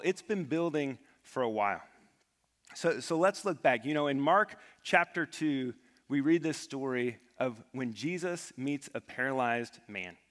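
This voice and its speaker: Pastor type, man with a fairly high voice, earnest sermon delivery, long hall reverb. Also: fairly bright tone. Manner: earnest, repeats words for emphasis.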